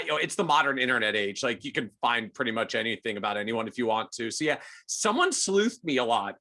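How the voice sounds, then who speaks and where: A man speaking as a podcast guest in casual chat, quick and self-deprecating. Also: medium pitch, bright, forceful tone.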